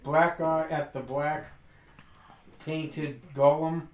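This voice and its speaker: A man narrating as game master of a tabletop role-play, in a halting way with frequent restarts. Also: a little high, steady tone, darkish tone. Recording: echoey room.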